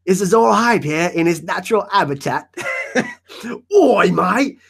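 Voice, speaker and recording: A man's voice: high-pitched, measured pace, vocal fry, husky, full character voice. A man doing a rowdy mock-Australian wildlife guy. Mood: rowdy excited. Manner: loud, excited, showman-like.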